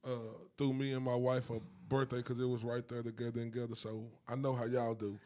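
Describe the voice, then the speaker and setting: A man in his thirties co-hosting a podcast outdoors, animated and laughing often, with colloquial speech. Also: mid-range voice, fast. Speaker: podcast co-host. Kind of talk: casual chat. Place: rooftop outdoors in downtown Dallas.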